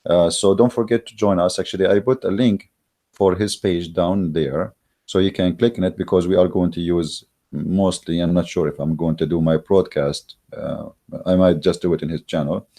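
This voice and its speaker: Male host, low mellow voice, mocking and emphatic, halting delivery. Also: fairly even intonation. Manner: emphatic and mocking, with frequent hesitations. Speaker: channel host. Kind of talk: religious debate monologue. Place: Germany.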